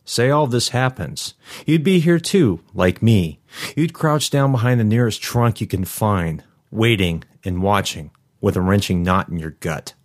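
A man narrating a first-person story in a measured, somber way. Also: fairly low pitch. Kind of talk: first-person fiction reading.

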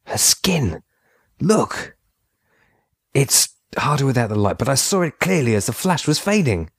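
A man voicing a jittery adult male photographer who talks in an excitable, breathless way. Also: mid-range voice, a little slow, slightly rough, dry recording, clean studio sound, voice pushed up, heavily acted. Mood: excited.

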